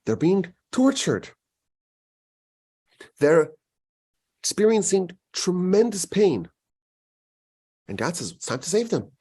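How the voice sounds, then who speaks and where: A man giving a Torah lecture as a rabbi, animated and acting out quoted voices. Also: slow, long pauses, husky. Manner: animated, acts out quoted voices with big pitch jumps.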